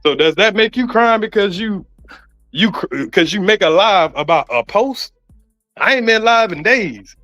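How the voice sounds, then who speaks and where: A man's voice: sits high, animated, a little slow, a bit bright. A man who is an online content creator, arguing in a heated casual way, mocking and sarcastic and often repeating himself. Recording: dull lo-fi audio with faint music.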